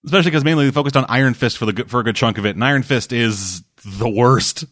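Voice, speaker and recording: A man's voice: medium pitch, quick pace, no echo, studio quality. A man chatting casually about movies and shows, rambling and swearing, with lots of restarts. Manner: rambling, profane, acts out quotes loudly.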